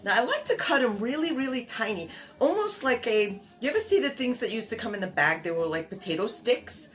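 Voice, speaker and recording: A woman's voice: on the high side, very animated, fairly quick, fairly bright tone, soft background music. Chatty older woman hosting a home cooking show. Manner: chatty, homey, rambling with fillers. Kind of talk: casual cooking demonstration.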